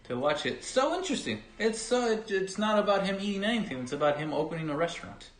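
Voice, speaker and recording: A man co-hosting a casual chat with his wife, joking and animated. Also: sits high, quick pace. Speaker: co-host. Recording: roomy echo.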